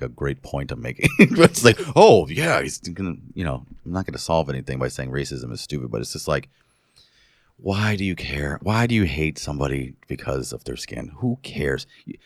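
A man's voice: very deep voice, very animated, fairly quick, no echo, studio quality. A man telling stories in a loose, profane casual chat, hungover today. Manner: loose, profane storytelling with laughs.

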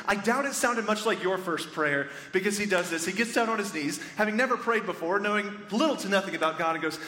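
A man preaching a sermon as pastor, telling the story with animated excitement, in a church sanctuary. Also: sits high, quick pace, few pauses. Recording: echoey church hall with reverb, faint ambience.

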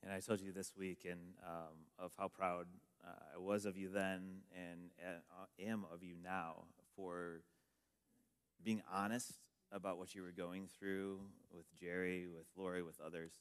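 A pastor speaking gently and affirmingly to a church member, pausing often with small hesitations. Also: male voice, low-pitched, flat delivery, clean tone. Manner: gentle, affirming, halting with fillers. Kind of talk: sermon interview.

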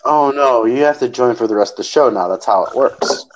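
A man's voice: mid-range voice, a little fast, lo-fi sound. Tipsy joking male podcast host. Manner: joking, bantering. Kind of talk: casual chat.

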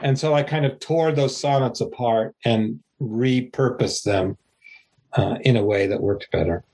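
An older man, an author, giving a slow, rambling, self-deprecating interview answer. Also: mid-range voice, warm tone, slightly rough.

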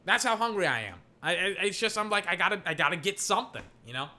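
A young man from Texas rambling casually, full of filler words, breaking into excited play-by-play as he watches football. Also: high voice, fast talker. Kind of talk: casual rambling chat while calling a football game.

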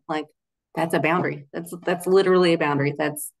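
A woman's voice: low voice, fairly even intonation, fairly quick, creaky. A young adult woman in a casual interview, talking in a chatty, loose way with many "like" fillers and frequent laughs. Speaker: guest, Christian relationship coach.

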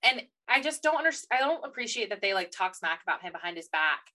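A woman co-hosting a casual book podcast, ranting with animated energy and mimicking characters. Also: mid-range voice, quick pace. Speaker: podcast co-host.

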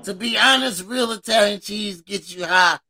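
A man co-hosting a casual comedy podcast, loud and laughing, often shouting as he reads out comments. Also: high voice, moderate pace, low-quality recording. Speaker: podcast co-host.

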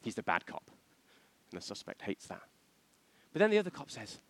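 A man's voice: lowish voice, huge pitch swings, fairly quick, vocal fry, a bit bright. A man preaching a sermon, asking the congregation questions and acting out the voices he quotes.

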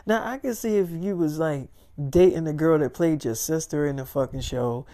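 A man's voice: fairly high pitch, moderate pace, mellow, natural voice. A man voicing a blunt, outspoken young woman in his story, with a profane, skeptical way of talking.

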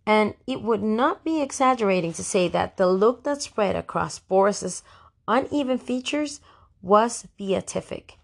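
A woman's voice: medium pitch, lively intonation, measured pace, gravelly. A woman narrating an audiobook as a first-person diary, in a wry, fussy teenage diarist tone.

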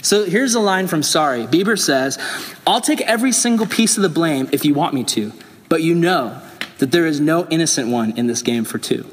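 A young man preaching a youth sermon, telling stories and acting out voices in lively bursts. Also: on the high side, normal speed, slight background noise. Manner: animated storytelling, acts out quoted voices. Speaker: youth pastor. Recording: hall with long reverb.

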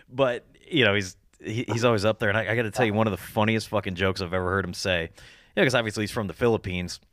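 A man's voice: on the low side, steady tone, quick pace, a bit bright, no echo, clean studio sound. A man hosting a podcast, telling crude stories in casual chat, swearing a lot and laughing as he acts out his friends' lines. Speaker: podcast host.

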